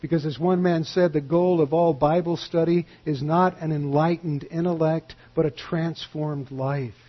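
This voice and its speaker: A man with a high, husky voice preaches a sermon in an earnest pastoral manner. His stories come out animated, and he drops to a hushed tone when he closes. The recording sounds slightly dull. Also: moderate pace.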